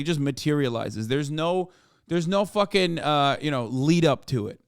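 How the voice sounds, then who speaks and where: A man's voice: on the high side, animated, fairly quick, smooth, dry recording, studio quality. A man ranting sarcastically and profanely through political commentary on a livestream. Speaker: streamer.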